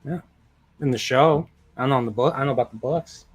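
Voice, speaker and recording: A man's voice: mid-range voice, fast talker. A man chatting casually as a podcast guest, bantering with the host. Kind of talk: casual chat.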